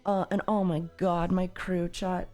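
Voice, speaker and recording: Woman streamer, casual chat, swears a lot, bursts into yelling, slightly worn voice, soft music behind. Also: fairly low pitch, flat delivery, a little slow. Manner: loud, swears freely, jumps into yelling. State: slightly tired voice. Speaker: livestream host.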